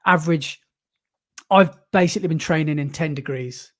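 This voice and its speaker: A man's voice: on the high side, moderate pace. A man from the UK co-hosting a running podcast, chatting casually with lots of fillers and restarts. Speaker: podcast co-host. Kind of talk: casual chat.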